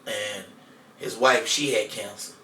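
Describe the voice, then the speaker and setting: A man on a podcast telling a personal story in a casual, profane way, going from loud to hushed. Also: fairly low pitch, fairly even intonation, unhurried. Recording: echoey room, mic far off, faint noise.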